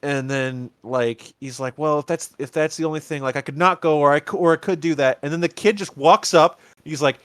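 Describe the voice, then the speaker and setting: A man's voice: fairly high pitch, a little fast, hardly any pauses, a bit bright, clear, resonant tone, no room sound, studio quality. A man hosting a podcast, casually retelling a movie and acting out the characters' lines with lots of stammered restarts. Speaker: podcast host. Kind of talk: casual movie rewatch chat.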